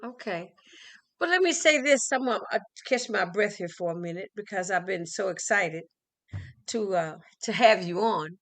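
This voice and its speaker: A woman hosting an interview, chatty and quick to affirm her guest. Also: mid-range voice, expressive, a bit bright. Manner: chatty, affirming with okay and right. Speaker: interview host. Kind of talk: conversational interview.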